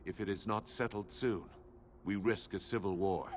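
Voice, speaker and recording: An actor playing a proud, curt dwarf gate guard who speaks gravely in a video game. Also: male voice, lowish voice, steady tone, moderate pace, slight background noise, close to an everyday voice. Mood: stern.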